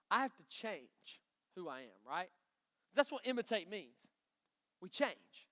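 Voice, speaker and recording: A man preaching a lively youth sermon from a stage, emphatic and joking with the students. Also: high-pitched. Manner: energetic, emphatic, bantering with the audience. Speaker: youth pastor. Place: stage in a large hall before a student crowd. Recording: long hall reverb.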